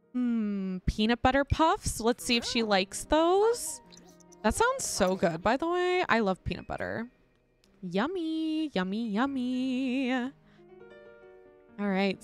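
Giggling and chatty, a young gaming YouTuber talks casually to viewers as she plays a life-sim game in let's-play style. Her voice is slightly high and a bit bright, recorded with a clean tone.

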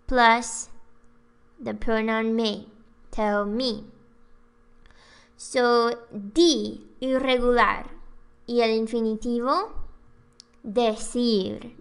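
Slow, clear-voiced woman teaching Spanish. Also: on the high side, a bit bright. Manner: slow, careful enunciation of example phrases. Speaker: Spanish tutor. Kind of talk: language lesson.

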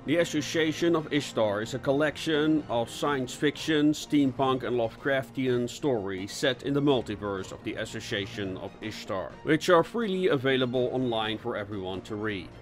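A man narrating a steampunk audiobook in a slow, measured, dramatic reading. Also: medium pitch, animated, soft background music.

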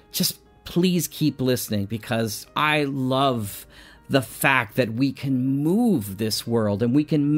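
A man with a fairly high voice hosts an audio drama podcast. He talks excitably and trips over his words, restarting phrases, over faint music. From Canada. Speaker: podcast host. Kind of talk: audio drama acting and casual thanks.

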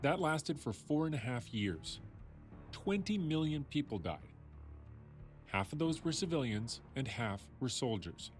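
A man's voice: mid-range voice, very animated, a little slow, faint music behind. A man hosting a science show, telling a story in a playful, chatty way that speaks straight to the listener. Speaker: host.

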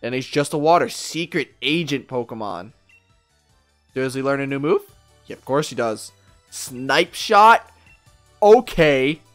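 A man giving casual gameplay commentary, excitable and profane, talking back at the characters on screen. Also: medium pitch, a little slow, pauses often, soft background music. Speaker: let's play gamer.

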